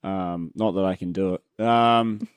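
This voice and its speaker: Rambling, self-deprecating man with a low voice. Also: steady tone, measured pace, clear, resonant tone, no echo. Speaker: podcast co-host. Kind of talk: casual chat.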